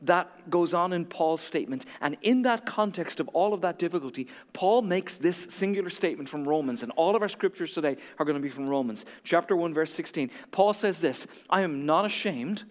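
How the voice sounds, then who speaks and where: A man preaching a sermon as a pastor, telling a story dramatically, dropping to a hush and then building to emphatic peaks. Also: fairly high pitch, lively intonation, fairly quick, few pauses, big-room sound.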